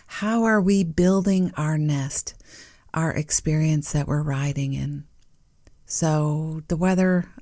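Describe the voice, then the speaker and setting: A woman hosting her podcast, talking gently and reflectively to her listeners with playful asides. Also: fairly low pitch, no room sound, studio quality. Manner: soft, warm-hearted, musing, with playful asides and small laughs. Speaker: podcast host.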